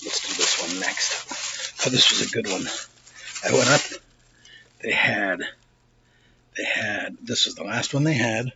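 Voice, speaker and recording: A man with a New York accent telling a profane, excitable story while showing off a shopping haul in a casual vlog. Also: lowish voice, unhurried, pauses often, dull audio, background noise. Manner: blunt, profane, excitable, with asides and restarts.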